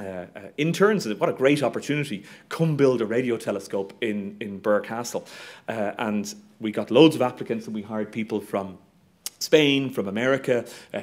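A middle-aged Irish man, an astronomy professor, giving a lively, humorous public talk with slides and plenty of ums and uhs. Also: medium pitch. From Ireland.

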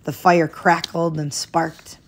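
A woman with a slightly low voice reads a children's picture book aloud. Her reading is expressive and gentle, and her voice rises brightly to mark each new part of the story. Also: slow pace. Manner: expressive, lifting her voice at new days and exclamations.

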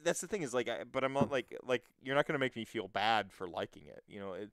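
A man's voice: mid-range voice, expressive, fast, a bit bright, no room sound, studio quality. A man hosting a casual podcast chat, rambling through restarts and fillers and swearing freely. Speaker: podcast host.

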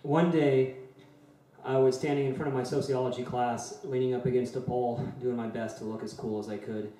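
Soft-spoken man in a very echoey room. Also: mid-range voice, little pitch movement, fairly quick. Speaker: singer-songwriter. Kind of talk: personal storytelling.

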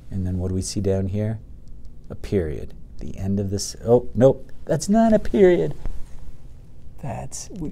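A man's voice: on the low side, dark tone, a little hiss or hum. A man teaching a reading lesson to young children, patiently sounding out words and reading aloud from a picture book.

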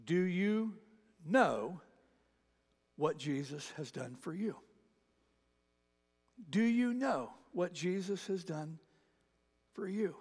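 A man preaching a conversational sermon as pastor, animated in his retelling, slowing down for emphasis. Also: sits high, slightly rough. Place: church sanctuary. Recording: long hall reverb.

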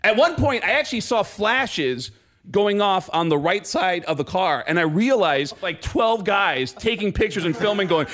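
A man's voice: expressive, moderate pace, fairly bright tone. A Canadian man telling a comic story on a radio show, acting out everyone's lines and laughing as he goes. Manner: acts out other people's lines, pitch jumping high and low, laughing through the story. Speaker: comedian guest telling a story. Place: radio studio.

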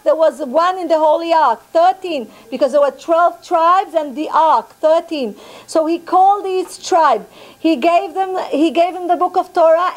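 A woman with a very high voice gives a religious lesson to a women's class. She tells the story with animation, going back over her phrases and mixing in words. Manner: animated storyteller, repeats phrases, mixes in Hebrew. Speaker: rabbanit teaching a women's class.

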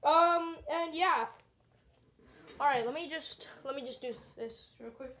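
A woman's voice: sits high, a little slow, a bit bright. A woman live-streaming a VR game, chatting casually and rambling with lots of fillers and restarts into a headset mic.

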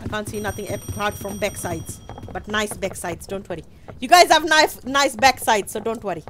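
A British woman streaming a game live, chatting to viewers, squealing and shouting as she plays. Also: medium pitch, normal speed, a little hiss or hum. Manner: excitable, squeals and shouts while playing. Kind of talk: live gameplay commentary.

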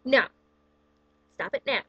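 A woman vlogger rants casually through a countdown of her pet peeves, exasperated and sarcastic and saying "like" a lot. Her voice is slow, pushed and bright, though the audio sounds dull.

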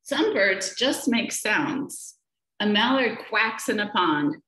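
A woman educator reading a picture book aloud to young children, gentle and slow, often asking them questions, over a webcam. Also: medium pitch, expressive. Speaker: children's nature program educator. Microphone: laptop or webcam for a video session. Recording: echoey room.

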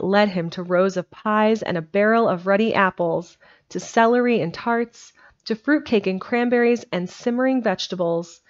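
Woman reading a storybook aloud. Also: mid-range voice. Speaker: audiobook reader. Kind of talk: storybook narration. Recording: slightly muffled home stream recording.

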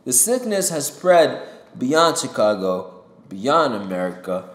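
Man, heated monologue, swears, leaps loud and high, animated pitch, home desk mic with pop filter. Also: slow pace, roomy sound. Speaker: rapper and commentator. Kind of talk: opinion monologue to camera.

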